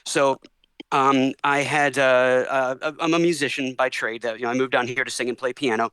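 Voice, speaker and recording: A young man telling stories as a podcast guest, animated and quick in bursts. His voice is bright and sits a little high. The recording is dry and close, with no room echo. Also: clear, resonant tone. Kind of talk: casual storytelling interview.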